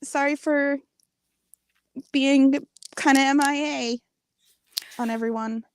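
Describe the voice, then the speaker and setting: A woman's voice: high voice, fairly even intonation, slow. A woman joining a livestream as a guest, chatting in a rambling, casual way.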